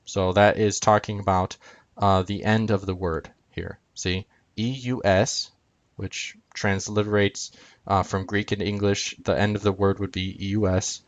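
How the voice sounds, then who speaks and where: A man explaining Greek spellings over a screen share, halting, with many ums and uhs as he points at letters. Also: fairly low pitch, little pitch movement, dry recording, lo-fi sound.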